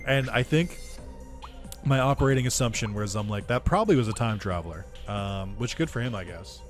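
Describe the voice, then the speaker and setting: A man, a gaming video creator, casually telling a story over gameplay, animated, swearing and laughing as he acts out what people said. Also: fairly low pitch, brisk, music in the background.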